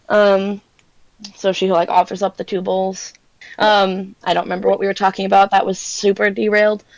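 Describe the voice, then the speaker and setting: Woman GM, halting narrator, mid voice, dry mic. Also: medium pitch, flat delivery, vocal fry, no echo, rough recording. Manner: halting, many filler sounds. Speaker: game master. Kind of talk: narrating a tabletop game.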